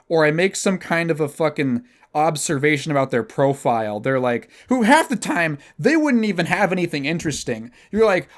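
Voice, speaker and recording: A man's voice: fairly high pitch, very animated, moderate pace, hardly any pauses. A young man hosting a podcast, telling a rambling, profane, self-mocking story in casual chat. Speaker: podcast host.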